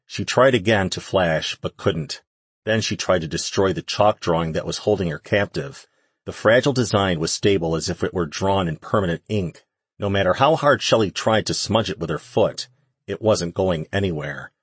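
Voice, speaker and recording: A man narrating a fantasy audiobook in a steady, even reading. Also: low-pitched, normal speed, slightly rough, no room sound. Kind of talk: scripted narration.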